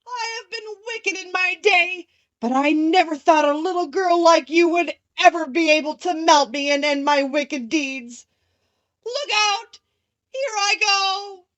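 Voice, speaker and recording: A woman voicing a wicked old witch who is shrill and spiteful, wailing as she melts. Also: a little slow, fairly bright tone, no room sound, lo-fi sound.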